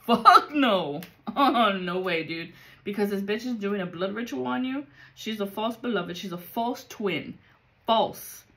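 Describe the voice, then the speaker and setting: A woman's voice: medium pitch, a bit bright, slight background noise. A woman giving a casual spiritual reading, blunt and full of profanity and street slang. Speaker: psychic reader.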